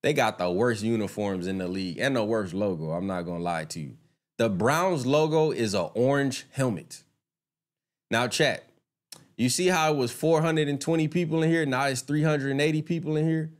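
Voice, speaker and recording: A male streamer riffing live to his chat in an everyday mid-pitched voice. He talks loosely and curses without a second thought. When something bothers him he turns heated and indignant. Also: normal speed. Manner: chatty, addresses viewers, swears freely. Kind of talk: casual live-stream commentary.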